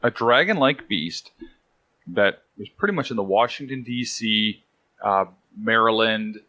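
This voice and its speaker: Bright-voiced man, joking podcast co-host. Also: lowish voice, animated, a little slow, highs cut off. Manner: jokey, digressive storyteller. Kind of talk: casual chat.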